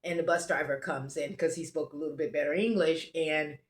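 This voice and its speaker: Low-voiced American woman telling a story. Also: steady tone, fairly quick. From United States. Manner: rambling, self-interrupting, restarts. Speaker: travel vlogger. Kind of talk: casual storytelling. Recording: roomy echo.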